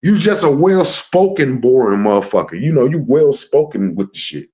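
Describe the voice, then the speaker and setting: A man's voice: medium pitch, big pitch swings, normal speed, warm tone. A man hosting a live stream, ranting at trolls in a brash, profane and confrontational way. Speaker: livestream host.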